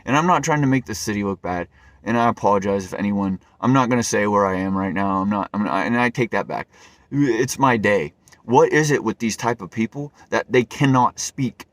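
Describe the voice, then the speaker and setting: A man's voice: lowish voice, a little fast, dry recording. A man telling a personal story to camera in an earnest, rambling way, often stumbling and repeating his words. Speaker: vlogger.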